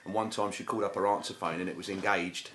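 A man co-hosting a comedy podcast, telling crude jokes in a deadpan way. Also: low voice, quick pace, reverberant, a little hiss or hum. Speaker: podcast co-host. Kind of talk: casual comedy banter.

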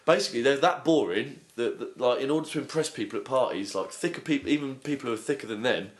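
A man's voice: mid-range voice, fast. A man ranting bluntly and swearing through a casual podcast chat. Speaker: podcast co-host. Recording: roomy echo.

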